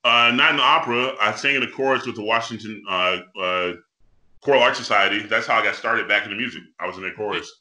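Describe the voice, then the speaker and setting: A man, a guest opera bass, talking earnestly and humbly in a casual video-call chat, with halting restarts. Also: pushed and bright, low-quality recording.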